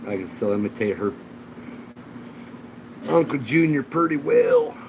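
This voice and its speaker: A man's voice: mid-range voice, expressive, a little slow, background noise. A man hosting a casual livestream chat, telling rambling anecdotes. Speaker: channel host.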